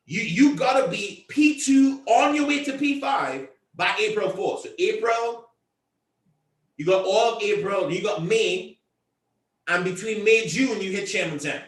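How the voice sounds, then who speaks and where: High-voiced man giving a loud, repetitive pep talk. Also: a little slow, echoey room, distant mic. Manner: emphatic and repetitive, often raising his voice. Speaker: team leader addressing a convention call.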